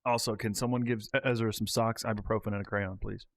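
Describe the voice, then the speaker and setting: A man's voice: on the low side, little pitch movement, fast, gravelly, dry recording. A man playing in a tabletop game, chatting casually with joking, rambling asides. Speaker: player.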